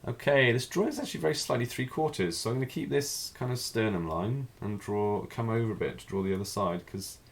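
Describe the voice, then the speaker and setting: A man teaching a live figure drawing class, talking through each stroke as he draws, in a relaxed, thinking-aloud way. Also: mid-range voice, fast, gravelly, hardly any pauses.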